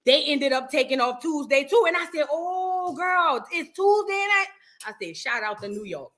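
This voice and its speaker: A woman with a high, bright voice, spilling celebrity gossip as host in loose, sassy chat. She is animated and drawls some words, now and then singing a line. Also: moderate pace. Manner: animated, sassy, breaks into sung bits.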